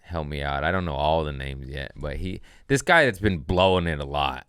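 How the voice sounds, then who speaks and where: Man, comedian podcast host, deep voice, smooth tone, profane rambling storytelling, casual. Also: lively intonation, normal speed, a bit bright, dry recording, clean studio sound.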